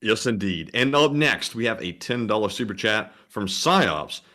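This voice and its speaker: A man's voice: on the low side, animated, moderate pace, pushed and bright. A man co-hosting a livestream, casually reading out viewer messages. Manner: casual, reads donor messages aloud. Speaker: co-host reading super chats. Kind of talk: livestream chat.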